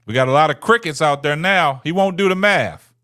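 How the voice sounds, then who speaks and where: A male livestream host speaks a little fast in a high-leaning voice that sounds pushed and bright, with a slight hiss or hum in the audio. Chatting casually with viewers, he taunts them, repeats himself, and ends many phrases with "man."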